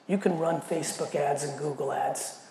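A man gives an animated, profane keynote on stage, with a high, gravelly voice. His voice carries a long hall echo over faint background noise. He acts out every quoted line as he tells his story. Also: normal speed. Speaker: keynote speaker. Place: large event hall.

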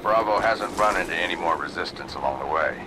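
A man's voice: low voice, fast talker. An actor playing a stern male military commander giving clipped orders over game audio. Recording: game audio with loud gunfire noise. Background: gunfire and artillery.

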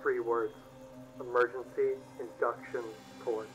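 An actor playing a brisk, matter-of-fact male mercenary quartermaster in a video game. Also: mid-range voice, little pitch movement, a bit bright, faint music behind, natural voice, poor audio.

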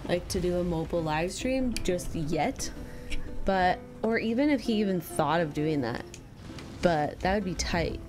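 Slow-talking, swearing woman streamer. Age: 30s. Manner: profane, exclamatory, bursts of loud delight; coos in a higher, softer voice to her pet. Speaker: live streamer. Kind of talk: casual live-stream chat.

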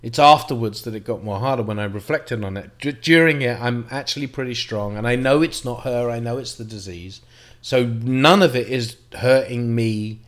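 Reflective man telling a hard story. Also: mid-range voice. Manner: reflective, halting, with frequent restarts and mild swearing. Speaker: vlogger. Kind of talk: personal storytelling to camera.

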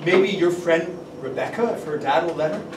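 A man's voice: on the high side, normal speed, lightly acted. A man playing the young man Joseph, earnest and tender, telling his story with emotion in a church. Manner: emotional, shifts to shouted quotes. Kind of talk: dramatic storytelling monologue. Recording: echoey church sound from a distant mic with background noise.

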